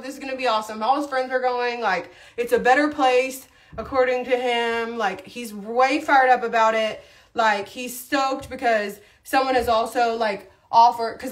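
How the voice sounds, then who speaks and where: Chatty mom rambling on a livestream. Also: female voice, a little high. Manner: rambling, animated storytelling with frequent asides. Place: at home doing makeup.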